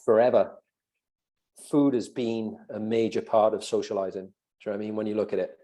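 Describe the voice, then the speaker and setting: A man's voice: on the low side, steady tone, fairly quick, mellow. A Welsh man co-hosting a podcast, chatting loosely with lots of fillers. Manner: rambling, frequent "do you know what I mean". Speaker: podcast co-host. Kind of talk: casual podcast chat.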